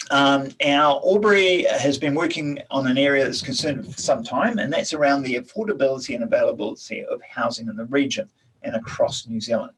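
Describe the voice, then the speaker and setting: Husky man hosting a video-call talk. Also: mid-range voice, rough recording. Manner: relaxed, chatty, many fillers and restarts. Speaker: host of a TEDx salon. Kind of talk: casual talk introducing guests. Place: room at home.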